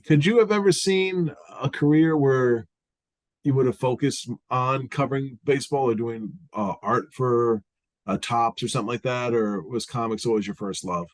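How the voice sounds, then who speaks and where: A man hosting a podcast speaks at a middle pitch and asks his questions in an easy, relaxed way. His tone stays conversational throughout. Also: moderate pace, no room sound. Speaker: podcast host. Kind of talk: casual interview.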